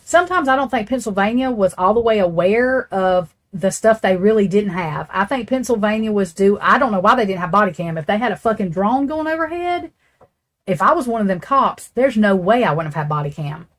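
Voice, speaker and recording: A woman's voice: mid-range voice, expressive, fairly quick. A woman hosting a casual true crime talk, rambling and blunt, swearing freely as she speaks straight to her viewers. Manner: rambling, blunt and profane, talks straight to chat. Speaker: true crime channel host.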